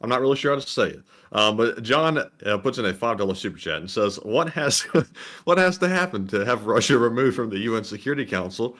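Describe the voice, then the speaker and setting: A man's voice: mid-range voice, animated, brisk, fairly bright tone. A man co-hosting a livestream, reading out donor names and messages and sometimes stumbling over names. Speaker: co-host reading donations.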